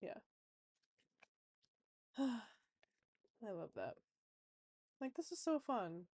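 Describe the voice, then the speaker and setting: A woman's voice: a little high, sing-song, very slow, darkish tone, no room sound, studio quality. A woman in a casual vlog as a tarot reader, chatty and rambling with many fillers.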